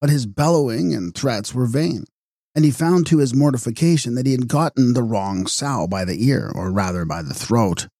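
A man giving a measured, expressive reading of a gothic audiobook. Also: mid-range voice, no echo, studio quality. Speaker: audiobook narrator. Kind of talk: scripted narration.

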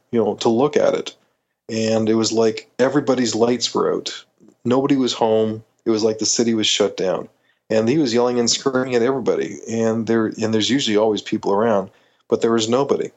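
A man's voice: fairly low pitch, steady tone, a little fast, lo-fi sound. A middle-aged Canadian man, a podcast guest, telling a story animatedly, acting out quoted voices with many restarts.

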